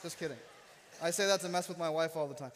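Brief: man in his 30s, pastor, joking sermon storyteller, fairly high voice, long church-hall echo. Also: very fast, slight background noise. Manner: humorous, self-deprecating storyteller. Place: church sanctuary.

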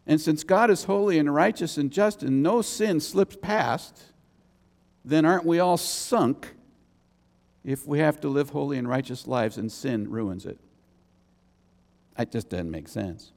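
Man, pastor, emphatic sermon, gravelly edges, echoing church hall. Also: unhurried, pauses often. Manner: animated, emphatic preaching with sudden high exclamations.

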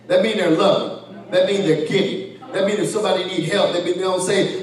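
A preacher in his fifties lifts his high voice into shouts, then drops back to laugh along with his flock. His words bounce around a very reverberant church sanctuary, picked up from well away from the microphone. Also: fairly quick, recorded from a distance. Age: 50s. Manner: lively, shouting call-and-response preaching with laughs. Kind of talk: sermon. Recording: very echoey church hall, voice from afar.

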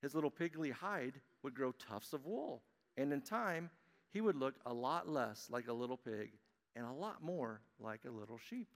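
A man leads a children's message, telling a picture-book story in a lively, friendly way. His voice sits in an ordinary middle pitch and rings out through the long reverb of a church sanctuary. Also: normal speed. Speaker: pastor giving children's message. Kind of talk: children's sermon and storybook reading.

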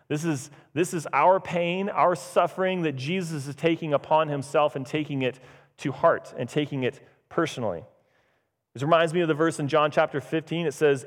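A man's voice: a little high, moderate pace. A man preaching a casual, conversational sermon as pastor, acting out the voices in the scripture he reads. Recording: long church reverb.

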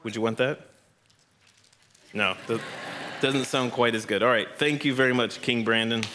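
A man's voice: mid-range voice, fairly even intonation, moderate pace, background noise. Encouraging man teaching kids in church. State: out of breath. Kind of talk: family Bible lesson. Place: church hall with audience.

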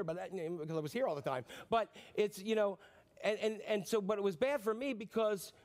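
A man preaching a sermon as pastor, animated and joking, with quick asides to the congregation. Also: high-pitched.

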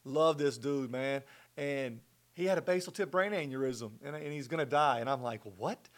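A middle-aged man telling a personal faith story as a guest in conversation, earnest and animated. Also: medium pitch, normal speed. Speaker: guest sharing his testimony.

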